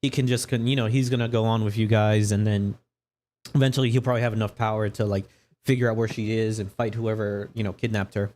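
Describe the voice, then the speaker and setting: A man's voice: fairly low pitch, level tone, fast talker, darkish tone, slight background noise. A man narrating a tabletop game as dungeon master, chatty and laughing often.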